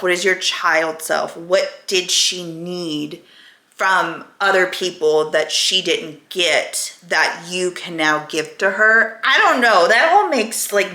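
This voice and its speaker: A woman's voice: fairly low pitch, pushed and bright, echoey room. A woman vlogger at home, talking casually and candidly to her camera in a rambling, chatty way. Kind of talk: casual weekly vlog chat. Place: at home, indoors.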